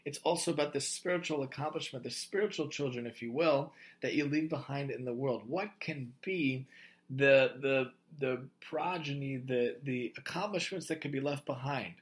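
A man's voice: mid-range voice, normal speed. A man giving a religious talk, emphatic and piling up rhetorical questions. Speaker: Torah teacher.

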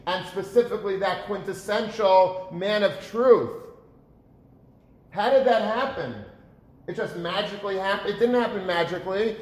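A man giving an earnest sermon, asking rhetorical questions and repeating words for emphasis. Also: high-pitched. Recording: roomy echo.

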